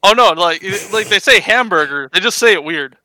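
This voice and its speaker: A man with a Mid-Atlantic American accent telling a story in casual chat, halting, with many fillers. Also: sits high, lively intonation, bright, forceful tone, no room sound, poor audio. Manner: hesitant, filler-heavy storytelling.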